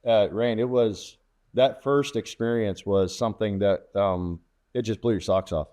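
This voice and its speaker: At a measured pace and with a fairly low voice, a middle-aged man who once flew fighters as a test pilot shares war stories in a relaxed interview. He brings the tales to life by performing the quoted radio dialogue.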